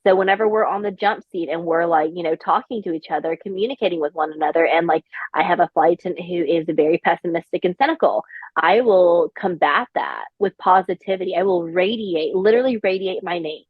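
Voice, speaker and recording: On phone-quality audio with no echo, a woman with a lowish, slightly breathy voice speaks a little quickly. She's a flight attendant guesting on a podcast, chatting casually and telling meandering stories full of fillers.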